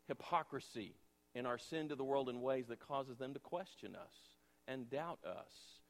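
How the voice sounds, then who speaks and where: A man pastor preaching a sermon, emphatic and full of rhetorical questions, dropping from forceful to hushed. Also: medium pitch. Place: church sanctuary. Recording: long reverb of a large church hall.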